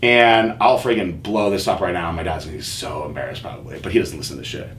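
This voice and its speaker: A man hosting a podcast in casual chat, telling candid stories with profanity and animated quoting. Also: low-pitched, quick pace. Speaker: podcast host. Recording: echoey room with faint noise.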